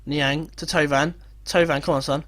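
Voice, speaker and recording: A young man giving casual commentary over a football management game, swearing, mocking himself and breaking into excited outbursts. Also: on the high side, normal speed. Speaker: gaming video creator.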